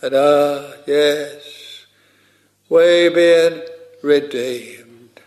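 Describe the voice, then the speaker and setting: Male preacher, slightly high voice, very slow measured sermon delivery. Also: fairly even intonation, darkish tone. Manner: slow, measured preaching with archaic scripture phrasing.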